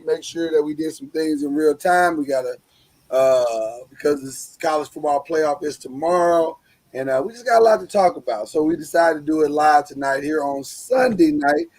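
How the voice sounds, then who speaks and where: A man hosting a live sports talk show online, energetic and joking, loose with fillers. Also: a little high. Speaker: host.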